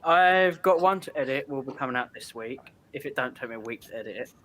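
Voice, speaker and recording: A man's voice: mid-range voice, animated, fast talker, a bit bright, slight background noise. A man, a livestream guest, chatting casually and sheepishly between laughs. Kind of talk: casual chat.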